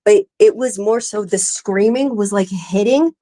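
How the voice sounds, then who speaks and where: Animated woman telling a story. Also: mid-range voice, a little slow, poor audio. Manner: animated storyteller acting out quotes. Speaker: podcast co-host. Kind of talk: casual chat.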